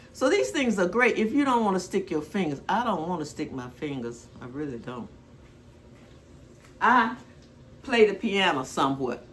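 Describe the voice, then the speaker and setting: An older woman chats while cooking in her home kitchen for her vlog, rambling in a homespun way with plenty of asides. Her voice is lowish and a bit bright, with slight background noise.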